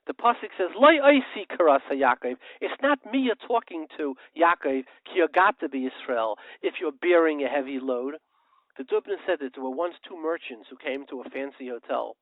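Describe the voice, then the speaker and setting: Impassioned high-voiced man over a tinny line. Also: lively intonation, moderate pace, dry recording. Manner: impassioned, rhetorical questions, tells parables. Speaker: radio show host. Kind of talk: preachy radio monologue. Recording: tinny phone-like line, dry.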